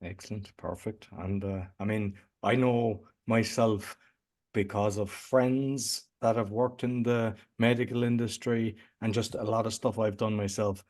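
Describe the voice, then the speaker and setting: A man's voice: fairly low pitch, fairly even intonation, unhurried, darkish tone. A man with an Irish accent hosting a podcast, talking in a chatty, rambling, informal way. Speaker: podcast host. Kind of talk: casual interview chat.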